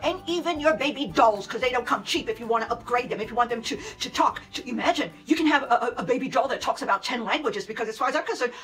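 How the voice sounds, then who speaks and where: This is a woman's voice, pitched a little high, delivering a casual vlog commentary. Her tone is sarcastic and mocking, and she often repeats phrases as she moves from point to point. Faint music plays in the background. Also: fairly bright tone, rough recording. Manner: sarcastic, mocking, addressing the subject directly; repetitive, keeps saying "fast forward" and "move on". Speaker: vlogger.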